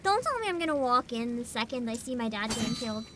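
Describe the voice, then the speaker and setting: A young woman streaming a game live, reacting excitably, swearing often and yelling at the game. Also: a little high, fast talker, very noisy. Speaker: VTuber streamer. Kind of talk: live gameplay commentary. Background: game music.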